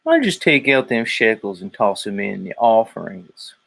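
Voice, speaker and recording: A man voicing a Southern-accented male televangelist preacher who asks for tithes, in a slow, sugary, drawn-out parody of a sermon. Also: on the low side, sing-song, creaky, a bit bright, exaggerated voice. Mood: syrupy preaching. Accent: American Southern.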